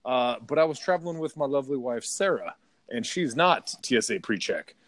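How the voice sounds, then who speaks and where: A man's voice: medium pitch, sing-song, fairly quick, fairly bright tone. A man co-hosting a podcast, telling a heated, profane story in casual chat. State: partly deaf in left ear. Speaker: podcast co-host.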